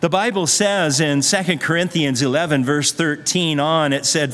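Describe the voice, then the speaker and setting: Preaching at normal speed with hardly any pauses, a man with a fairly high, slightly bright voice delivers a sermon that weaves in a story. As a pastor, he is conversational and earnest, with some fillers. The recording carries long hall reverb.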